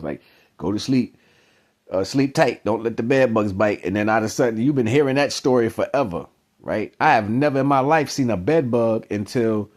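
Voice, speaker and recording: A man hosting his own channel, telling a personal story in a casual, animated, slangy way that keeps circling back on itself. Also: medium pitch. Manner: animated, slangy, repeats himself. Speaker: channel host.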